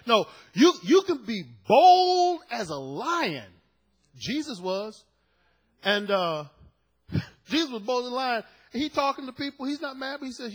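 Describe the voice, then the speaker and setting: Husky preacher man with wild dynamics. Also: big pitch swings, moderate pace, rough recording. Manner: swings from soft low asides to loud shouted peaks. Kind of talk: sermon.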